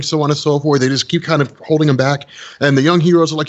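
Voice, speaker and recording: A podcast co-host who also makes comics videos rants bluntly on a comics show, rambling and repeating words while he swears. His voice is fairly high and quick, and the audio sounds dull. It's a casual podcast rant.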